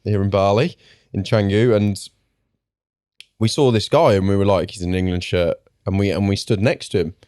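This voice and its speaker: A man's voice: lowish voice, normal speed, clear, resonant tone, no echo, studio quality. A young man as a podcast guest in casual chat, telling stories with energy and acting out what people said. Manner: animated storyteller, acts out quotes.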